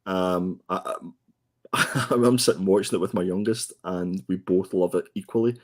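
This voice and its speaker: Man, co-host, casual chat, lowish voice, stumbles and repeats words, video call. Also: steady tone, moderate pace. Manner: hesitant, repeats words, laughs easily. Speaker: podcast co-host.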